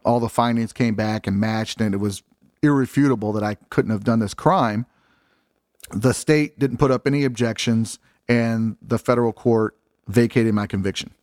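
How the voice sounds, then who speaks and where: A man's voice: on the low side, fairly even intonation, normal speed, darkish tone, no echo, studio quality. A middle-aged man from Illinois, a podcast guest telling his story in casual, blunt talk, swearing freely and acting out what others said.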